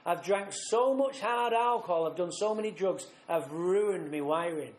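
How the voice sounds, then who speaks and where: A man speaking at a recovery retreat, telling his own story bluntly and vividly, acting out scenes with rough language. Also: high-pitched, measured pace, a little hiss or hum. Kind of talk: personal recovery story told live. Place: retreat meeting room. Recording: roomy live talk recording.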